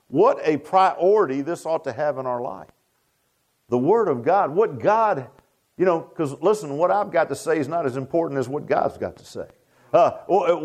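A man's voice: a little high, darkish tone. A man preaching a sermon in a folksy, repetitive way that rises to emphatic bursts. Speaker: pastor.

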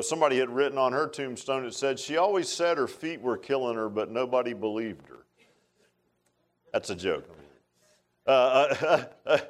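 A man preaching a folksy, rambling sermon as a pastor, with many fillers and restarts. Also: mid-range voice.

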